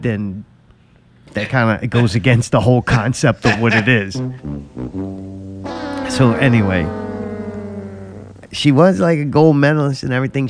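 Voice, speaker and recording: A man hosts a loose, profane podcast chat. He tells stories with frequent laughs, and his voice sits at an ordinary pitch over a faint hiss of background noise. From Louisiana. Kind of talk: casual chat.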